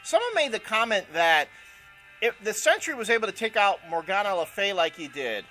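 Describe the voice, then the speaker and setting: A man's voice: sits high, sing-song, normal speed, pushed and bright, soft background music. A man co-hosting a casual chat show, opinionated and rambling, with lots of fillers. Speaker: co-host.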